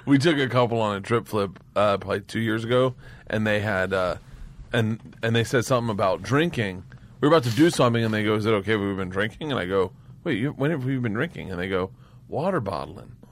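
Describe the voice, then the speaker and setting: A man with a somewhat low voice, chatting as a podcast guest. He tells long, profane stories at a loose, rambling pace. He bursts into big laughs between the lines. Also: fast talker. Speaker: comedian guest. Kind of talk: casual podcast storytelling.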